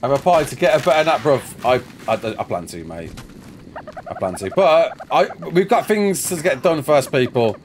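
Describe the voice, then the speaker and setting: A man's voice: medium pitch, sing-song, normal speed, a little hiss or hum. A tired man chatting casually and rambling as a gaming streamer, answering viewer questions while he plays. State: sleep-deprived. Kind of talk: casual live gameplay chat.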